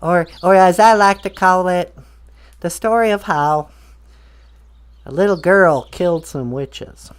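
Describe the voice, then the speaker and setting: A woman's voice: lowish voice, measured pace, long pauses, smooth. A woman telling a story in a playful, rambling way, with hesitant restarts. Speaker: guest storyteller. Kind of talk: casual storytelling.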